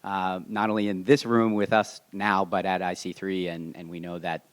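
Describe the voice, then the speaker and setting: A man moderating a live panel Q&A, casual and halting, with many restarts. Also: low-pitched, little pitch movement, smooth, no echo.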